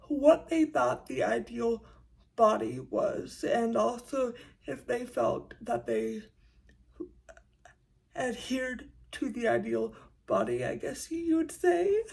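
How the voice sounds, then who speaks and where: Young woman, vlogger, hushed and congested, halting delivery with stumbles, gravelly fry at the ends of phrases. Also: fairly high pitch, rough recording. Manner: speaks quietly so roommates won't hear; halting, frequent stumbles and restarts. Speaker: YouTube creator. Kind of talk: casual vlog monologue.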